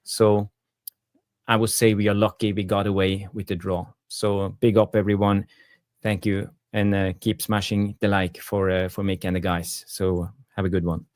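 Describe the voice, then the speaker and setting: A man giving a measured summary of a match as a guest analyst, pausing with frequent hesitations. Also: lowish voice, level tone, darkish tone, dry recording, studio quality.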